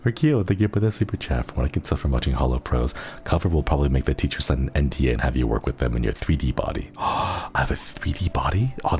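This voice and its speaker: A man's voice: extremely low pitch, creaky, mellow. A young man streaming as a virtual idol, chatting casually in a rambling way full of fillers and giggly asides. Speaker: VTuber streamer. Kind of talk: casual chat.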